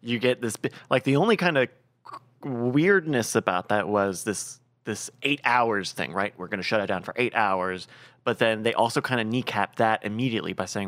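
A man co-hosting a casual talk show, giving his thoughts in a relaxed, hedging way. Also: on the low side, moderate pace. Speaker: co-host. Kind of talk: casual chat.

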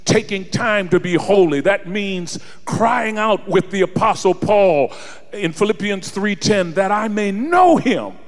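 A male preacher with a high-pitched, animated voice who speaks slowly and deliberately. He swings from hushed lows to shouted climaxes. His words ring out with a long reverb, as if in a large hall. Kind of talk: sermon.

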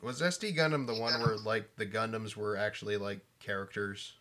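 A man's voice: lowish voice, steady tone, sharp tone. A man co-hosting a podcast, chiming in agreeably during casual chat. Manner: agreeable, quick to chime in. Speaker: podcast co-host.

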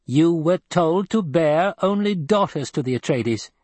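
Male narrator doing a snappish old woman, sneering and demanding, voice pushed up high, husky. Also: animated, unhurried, darkish tone, no echo. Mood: cold, scolding. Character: stern old woman, a scheming sisterhood leader. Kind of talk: audiobook character reading.

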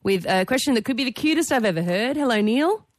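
A woman's voice: a little high, fast, dry recording. Laughing woman radio host. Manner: lively, laughs easily. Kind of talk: call-in radio hosting. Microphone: studio microphone.

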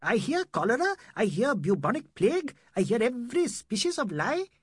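A man puts on a fussy older doctor with a high-pitched voice that swings up and down as he frets. His English is clipped and broken, and he turns indignant at the slightest accusation. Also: big pitch swings, moderate pace, breathy edge, no room sound, studio quality, heavily acted. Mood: fussed.

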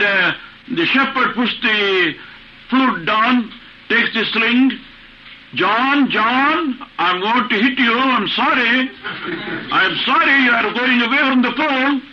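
A man's voice: high-pitched, pushed and bright. A man preaching a sermon, repeating phrases for emphasis and asking rhetorical questions. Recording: muffled old recording with faint hiss.

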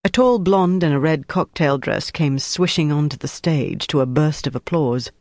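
Brief: measured audiobook narrator, mid pitch, dry close studio sound. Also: a little mellow, no room sound. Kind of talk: scripted narration.

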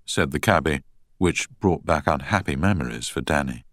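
A man narrating a novel in a measured, expressive reading. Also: low voice, no echo, clean studio sound. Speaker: audiobook narrator. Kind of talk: scripted narration.

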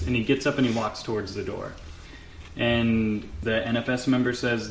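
A man with a low voice narrates a tabletop game as game master. He talks loosely and casually, with plenty of fillers. The recording carries a roomy echo and faint background noise. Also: fairly even intonation, normal speed, gravelly. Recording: echoey room with faint noise.

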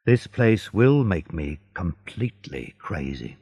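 Desperate young prisoner, insistent and pleading, read by a man with a gravelly voice. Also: sits low, big pitch swings, slow pace, a little mellow, dry recording, exaggerated voice.

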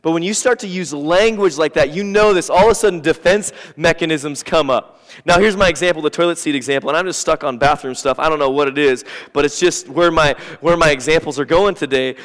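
A man's voice: on the high side, a little fast, fairly bright tone. A male pastor preaching a sermon, talking casually and acting out the quotes in an argument. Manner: conversational preaching with acted-out quotes. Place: church sanctuary. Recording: church hall with long reverb.

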